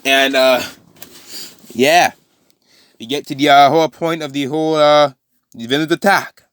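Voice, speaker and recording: A man casually improvising a fan-fiction story aloud, rambling and correcting himself with lots of fillers, now and then dropping into quick character quotes. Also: fairly high pitch, a bit bright, clear, resonant tone, no echo.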